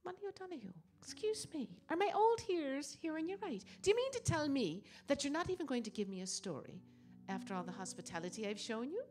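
A woman voicing a commanding old woman in a folk tale, lilting and imperious, dropping her pitch. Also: very animated, fairly quick, a little mellow, soft background music. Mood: coaxing.

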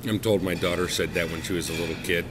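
A man's voice: deep voice, steady tone, fast. A middle-aged man narrating a casual vlog from behind his camera, teasing friends in a mock-formal, playful way. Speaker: vlogger filming friends. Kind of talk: casual joking vlog commentary. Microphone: handheld camera. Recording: noisy handheld camera audio.

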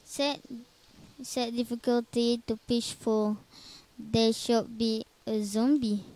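A woman's voice: on the high side, little pitch movement, slow pace, dark tone. A woman commenting on a video game she plays, jumpy and nervous, talking to herself in slightly broken English. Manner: jumpy, nervous, talks to herself while playing; non-native English with small grammar slips. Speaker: gamer. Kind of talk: casual let's-play commentary.

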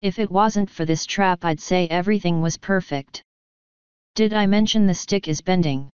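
A woman reading an audiobook, voicing a cheerful, plucky male rat who stays chirpy even when he is trapped. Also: lowish voice, moderate pace, smooth, no echo, muffled recording, natural voice. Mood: cheery. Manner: chirpy, unbothered even in danger.

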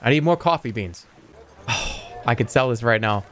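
A man streaming a video game, talking his way through it with sudden yelps, swearing and bursts of excitement, and sometimes reading the game's dialogue aloud. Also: medium pitch, measured pace, a little hiss or hum. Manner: excitable, swearing, yelps and shouts when things go wrong. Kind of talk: live gameplay commentary.

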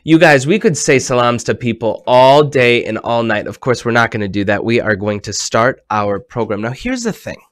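A man hosting a children's program over a video call, talking animatedly and swinging between hushed and excited tones. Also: medium pitch, moderate pace, few pauses, no echo, clean studio sound.

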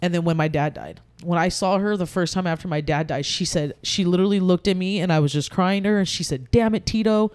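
A woman's voice: on the low side, quick pace, hardly any pauses, a little mellow. A woman speaking as a podcast guest, talking candidly and heartfelt about grief, rambling with frequent restarts.

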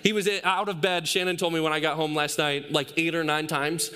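A man's voice: on the high side, little pitch movement, fairly quick, bright, forceful tone, clear, resonant tone. A man in his thirties, a pastor preaching a sermon on a church stage, telling stories about his young son with playful acted quotes.

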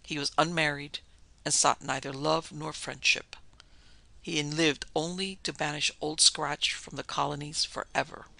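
A man narrating a classic horror story in a measured, dramatic storytelling manner. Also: fairly high pitch, fairly even intonation, gravelly, bright, forceful tone, dry recording. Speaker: podcast narrator.

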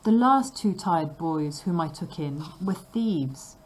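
A woman's voice: fairly low pitch, lively intonation, slow pace, poor audio. A woman voicing the ogre's wife, a stern woman who cries out and brushes things off. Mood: refusing. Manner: crying out and dismissive.

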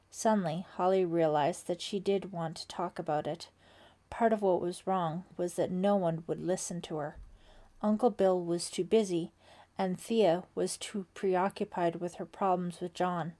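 Woman, audiobook narrator, steady and expressive, slightly low voice. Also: measured pace. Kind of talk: scripted narration.

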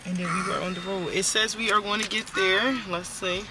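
A woman's voice: mid-range voice, fairly even intonation, fairly quick, background noise. A woman filming a casual family vlog, chatty and laughing often, talking to her viewers from the car. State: out of breath. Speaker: vlogger. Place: car on the road.

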